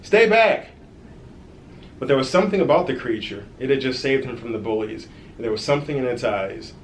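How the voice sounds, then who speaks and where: A man reading his own children's story aloud in a lively way, adding friendly asides to the kids who listen. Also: mid-range voice, quick pace, echoey room, a little hiss or hum.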